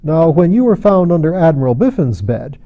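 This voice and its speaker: A man's voice: on the high side, expressive, normal speed, dull audio, lightly acted. A man voicing a hearty, mocking anarchist leader in an audiobook, talking in a jovial, teasing way. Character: hearty, mocking, boisterous older male anarchist chief.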